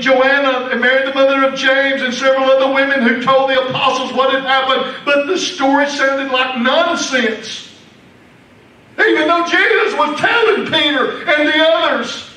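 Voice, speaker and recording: A man with a Southern US accent preaching a sermon as pastor, dropping to a hush and then bursting into shouts. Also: extremely high pitch. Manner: preaching with sudden loud outbursts. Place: church sanctuary. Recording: echoey church hall, distant mic.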